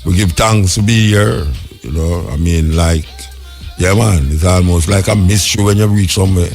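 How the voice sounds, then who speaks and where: Jamaican man musing on air, low and gravelly. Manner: patois-laced musing, pitch swinging up when incredulous. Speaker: radio talk show host. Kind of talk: spoken commentary.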